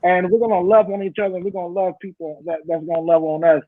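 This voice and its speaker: High-voiced, animated male host. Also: quick pace, no echo, narrow, tinny audio. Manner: emotional, laughing, animated storytelling. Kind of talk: casual online panel chat. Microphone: video call.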